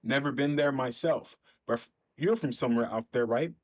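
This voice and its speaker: A man voicing a gruff, blunt veteran winged hero who talks down to a newcomer, on a slightly dull recording. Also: mid-range voice, moderate pace, close to an everyday voice. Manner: curt, lecturing.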